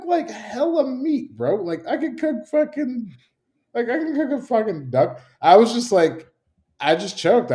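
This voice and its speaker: A man's voice: a little high, mellow. Profane storytelling man, casual chat. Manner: profane, storytelling, acts out quotes. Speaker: podcast guest, chef.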